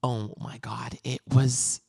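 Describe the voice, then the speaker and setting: A man's voice: mid-range voice, little pitch movement, slow pace, gravelly, mellow, husky, dry recording, studio quality. A man co-hosting a podcast in casual chat, emphatic and dramatic, swearing freely. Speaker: podcast co-host.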